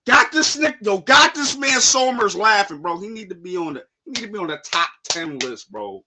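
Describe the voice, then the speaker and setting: A young man on a live reaction stream, talking in slang and breaking into shouted outbursts. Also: high voice, very animated, normal speed, background noise. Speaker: streamer reacting to a manga chapter.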